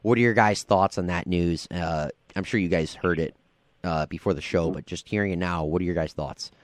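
A man with a lowish voice hosts a laid-back sports talk show on college radio. He rambles and fills gaps with ums and you-knows, sounding affable. The sound is dry and close. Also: brisk, no room sound. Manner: rambling, filler-heavy, affable.

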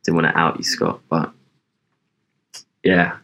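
A man's voice: low voice, flat delivery, takes it slowly, sharp tone. A young man co-hosting a podcast in loose casual chat, rambling with lots of ums and swearing. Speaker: podcast co-host.

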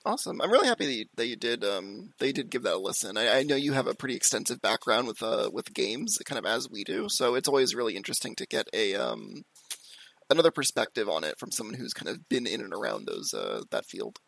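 Lively fast-talking podcast host, gravelly. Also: male voice, mid-range voice, no room sound. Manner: enthusiastic, lots of "like" and "um". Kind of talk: casual podcast chat.

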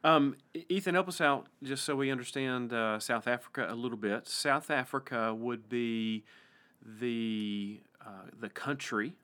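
A man with an East Tennessee accent, a pastor hosting a casual podcast interview, friendly and halting with frequent restarts. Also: medium pitch, sharp tone.

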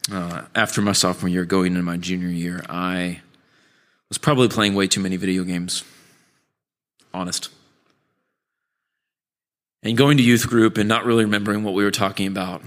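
A man's voice: sits low, fairly bright tone. A man, a pastor, giving a sermon with candid, self-deprecating storytelling. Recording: long church hall reverb.

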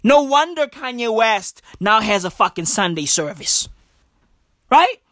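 A woman's voice: a little high, very animated, a little slow, fairly bright tone, no room sound, studio quality. A woman from Africa delivering a comedic rant monologue, profane and emphatic, peppered with slangy asides. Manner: profane, emphatic, slangy, repeats "bruv" and "broski".

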